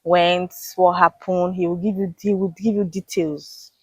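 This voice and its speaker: A woman's voice: lowish voice, flat delivery, measured pace, a little mellow, husky, no echo. A woman being interviewed with her husband, patiently explaining her habits and acting out little bits of dialogue. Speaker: interviewed wife. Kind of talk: casual interview chat.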